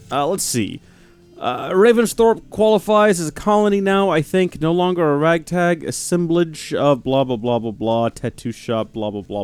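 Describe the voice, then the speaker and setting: A man's voice: medium pitch, a little mellow, clear, resonant tone. A man hosting a let's play, talking casually over the game with rambling, self-deprecating commentary.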